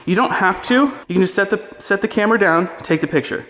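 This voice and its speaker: A man giving a relaxed, chatty on-location tutorial, talking through each step while he walks through a house. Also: sits high, fast, a little hiss or hum. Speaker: real estate photography instructor. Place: indoors walking through a house.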